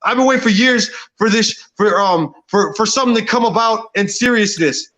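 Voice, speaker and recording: A man's voice: sits high, moderate pace, sharp tone, poor audio. A man, a boxer, ranting angrily and profanely, rambling with many restarts. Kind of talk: heated rant.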